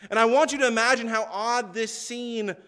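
A man preaching a sermon, earnest and emphatic, slowing down to stress key words and reading scripture aloud. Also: extremely high pitch, fairly even intonation, pushed and bright, smooth.

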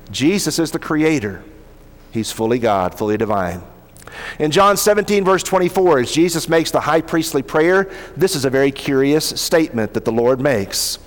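Man preaching in a reverberant hall. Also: fairly high pitch. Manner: earnest preaching, reading scripture with slow emphatic stresses. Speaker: pastor. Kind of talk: sermon.

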